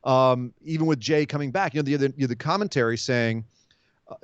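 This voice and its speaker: A man hosting a wrestling podcast, giving an animated, casual recap and acting out quotes as he tells it. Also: mid-range voice, a little fast, clear, resonant tone, dry recording, dull audio.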